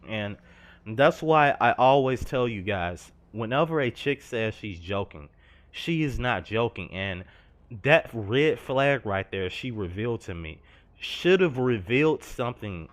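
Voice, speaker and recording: A man's voice: medium pitch, lively intonation, measured pace. A young man telling a personal story over gameplay, earnest and confessional, slangy and rambling. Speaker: gaming vlogger.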